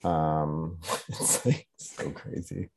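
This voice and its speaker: A man co-hosting a podcast, retelling a story in a loose, animated way with crude jokes. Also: a bass voice, drawn-out words, gravelly. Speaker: podcast co-host. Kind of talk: casual podcast chat.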